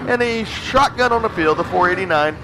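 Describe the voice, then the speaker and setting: A man announcing a race at an outdoor track, with folksy, excitable play-by-play calls. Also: high-pitched, fairly quick. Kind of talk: live race commentary. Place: outdoor racetrack. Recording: noisy outdoor track, engines behind.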